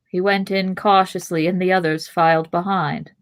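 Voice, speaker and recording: A woman podcast host reading a fantasy novel aloud, with expressive narration and chatty asides. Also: lowish voice, moderate pace, few pauses.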